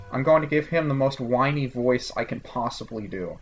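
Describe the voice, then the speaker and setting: A let's-play commentator with a medium-pitched voice and lively intonation talks at a moderate pace over a video game playthrough. His casual commentary is sarcastic with joking asides, and soft music plays in the background.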